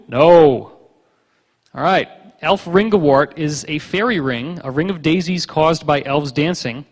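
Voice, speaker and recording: Joking man lecturing in a reverberant hall. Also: fairly high pitch. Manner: joking, sarcastic storyteller who acts out quotes. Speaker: conference speaker. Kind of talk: humorous lecture with slides. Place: conference hall.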